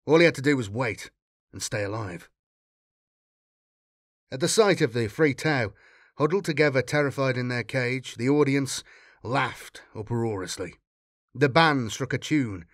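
A man narrates a dark science-fiction tale at a steady, measured pace, building drama as he goes. His voice sits in an ordinary middle pitch and the recording is dry and close, with no room sound. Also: no echo. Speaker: audiobook reader. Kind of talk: fan reading of a sci-fi story.

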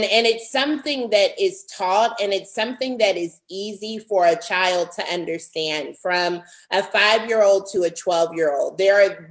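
A woman in her thirties, a pastor and author, speaks in a mid-range voice over a rough recording as a podcast guest. Her earnest interview talk is heartfelt, using emphasis and repetition to build each point.

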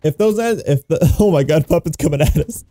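Excitable giggling man, lively dry voice. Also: fairly high pitch, normal speed, no echo. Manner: excitable, giggly, exclaims often. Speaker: gaming YouTuber. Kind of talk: casual gameplay commentary.

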